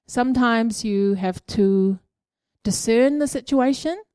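A woman gives an informal church teaching, talking through her experiences in a loose, halting way full of ums and tag questions. Her voice is mellow and warm, and the recording is dry and close. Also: on the high side, clear, resonant tone, no room sound. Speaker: church speaker sharing prophetic experiences.

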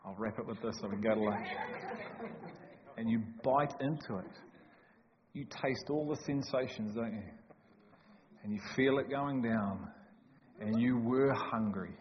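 A man preaching a sermon in a church hall, emphatic and joking, swinging from loud to hushed. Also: medium pitch, a little slow, pauses often. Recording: echoey hall, dull lo-fi sound, faint noise.

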